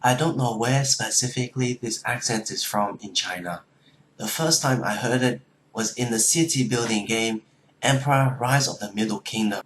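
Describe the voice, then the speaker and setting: A man's voice: mid-range voice, a little hiss or hum. A man who presents his own video and switches between many mimicked foreign accents while talking. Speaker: YouTuber. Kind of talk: accent impression showcase.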